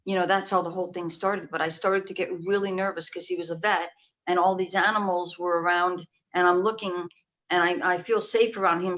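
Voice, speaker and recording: A woman's voice: on the low side, a bit bright. A woman from New York, a clairvoyant guest, telling her story in a rambling way that trails off and restarts. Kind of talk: casual interview chat. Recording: dull lo-fi call audio.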